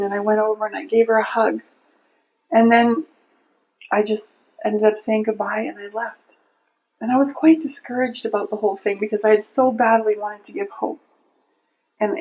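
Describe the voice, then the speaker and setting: A woman's voice: mid-range voice, darkish tone, rough recording. A woman telling a personal faith story in an interview, earnest and heartfelt, often restarting her sentences. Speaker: interview guest.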